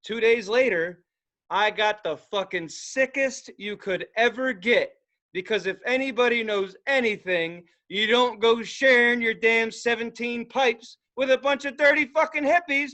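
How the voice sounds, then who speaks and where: A man's voice: extremely high pitch, a little slow, pushed and bright. A man co-hosting a podcast, telling rambling, profane stories in casual chat and acting out the people he quotes. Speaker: podcast co-host.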